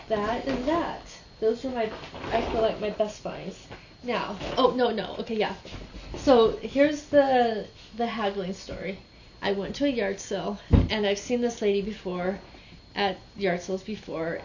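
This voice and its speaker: Woman, casual rambling reseller vlog chat, mid pitch, slightly dull recording with faint noise. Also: darkish tone. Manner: chatty, rambling storyteller with frequent restarts. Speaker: reseller vlogger.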